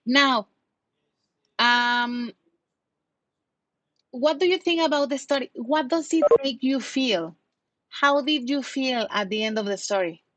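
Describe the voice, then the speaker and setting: A patient English teacher from Mexico runs an online lesson, explaining vocabulary and putting questions to her students. She speaks slowly with frequent pauses, in a fairly high, fairly bright voice. The recording is dry and close-miked, with no echo.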